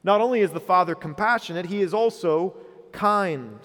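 Male pastor preaching, earnest, kinda high voice, church hall reverb. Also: normal speed, fairly bright tone. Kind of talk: sermon.

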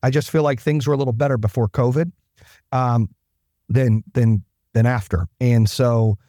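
A man's voice: mid-range voice, moderate pace, no echo, clean studio sound. Blunt, casual-talking man. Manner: animated, swears freely, acts out quotes. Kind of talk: casual storytelling.

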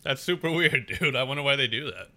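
A man co-hosting a podcast in casual chat, laid-back and reacting with quick remarks. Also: mid-range voice, bright, forceful tone, dry recording. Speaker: podcast co-host.

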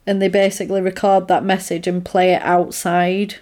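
A woman's voice: lowish voice, flat delivery, moderate pace, a little mellow. A woman in casual chat, retelling film scenes in a chatty way and acting out the characters' lines. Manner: chatty, retells scenes with acted-out quotes and laughs.

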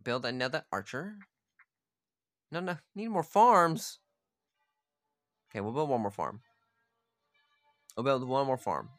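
A man thinks aloud while he plays a strategy game, in a mid-pitched voice that sits in the middle of the usual range. He chats casually, swears freely and talks straight to his units. Faint game music plays underneath. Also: very animated, normal speed, pauses often, no echo. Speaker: gamer playing a strategy game. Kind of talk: casual gameplay commentary.

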